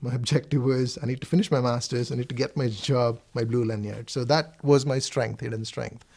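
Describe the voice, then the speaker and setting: A man's voice: medium pitch, fairly even intonation, fairly quick, vocal fry, darkish tone. A middle-aged man from South India with a South Indian accent, reflectively giving a personal testimony, hesitating and restarting often. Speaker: interviewee.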